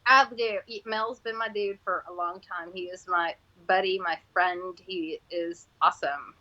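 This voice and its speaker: A woman's voice: on the low side, steady tone, a little slow, sharp tone, highs cut off. A woman from Texas with a Texan accent, hosting a casual chat, rambling and laughing often. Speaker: host.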